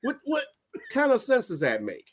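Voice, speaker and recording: Lively, blunt man. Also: very high-pitched, moderate pace, a little hiss or hum. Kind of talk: casual sports talk.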